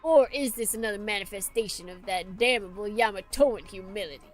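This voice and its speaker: A woman's voice: mid-range voice, a little fast, faint music behind, lightly acted. A woman voicing a haughty male American officer with a put-on Southern accent, reading game dialogue in a cold, formal, lecturing manner.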